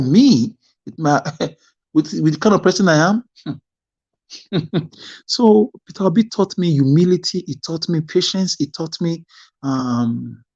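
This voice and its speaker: In an impassioned online discussion, a Nigerian man preaches with fervor, repeating phrases to drive his points home. His voice is medium in pitch and a little mellow, and the recording's highs are cut off.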